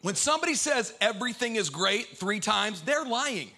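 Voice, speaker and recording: High, bright-voiced preaching man. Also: animated, normal speed, hardly any pauses. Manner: swings from hushed to shouting, sing-song preaching cadence. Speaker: pastor. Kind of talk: sermon. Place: church sanctuary.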